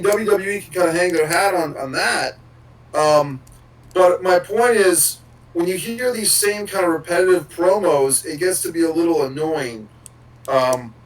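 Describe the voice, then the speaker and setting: A man's voice: high voice, moderate pace, distant mic, low-quality recording. A man co-hosting a podcast, rambling casually and swearing now and then. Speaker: podcast co-host.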